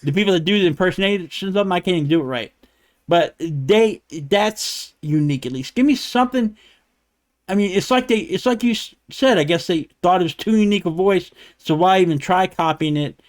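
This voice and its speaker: A man co-hosting a podcast, ranting in casual debate chat, animated and profane, laughing as he rambles. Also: sits high, brisk. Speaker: podcast co-host.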